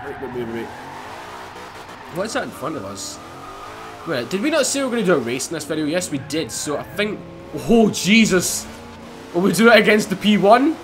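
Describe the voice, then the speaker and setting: A young man giving excitable, casual commentary over his racing game, swearing and laughing as he drives. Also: high-pitched, moderate pace, long pauses. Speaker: gaming YouTuber. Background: game music and car engines.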